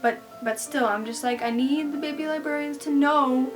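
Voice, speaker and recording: High-voiced, gushing woman fan vlogger. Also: moderate pace, far from the mic, music in the background. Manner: gushing, excitable, emotional fan chatter. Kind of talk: casual episode recap monologue.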